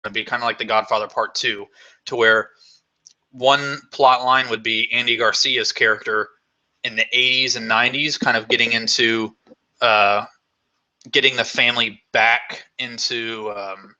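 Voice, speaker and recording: A man's voice: mid-range voice, steady tone, unhurried, sharp tone. A man vlogger hosting a live Q&A, chatting casually in a rambling, enthusiastic way with lots of fillers.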